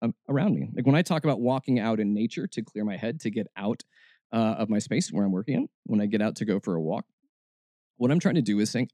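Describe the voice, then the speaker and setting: A man's voice: fairly low pitch, lively intonation, quick pace, mellow, dry recording. A man hosting a faith podcast, talking in a casual, reflective way and often restarting his words. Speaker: podcast host.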